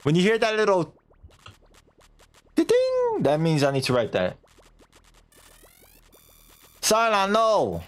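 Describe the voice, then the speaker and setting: A man's voice: a little high, moderate pace, pauses often. A male streamer talks casually over a let's-play at a desk mic. His voice climbs and dips a lot as he jokes at his own expense and tries out goofy voices. Faint game music plays underneath. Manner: animated, chatty, self-mocking, breaks into silly put-on voices.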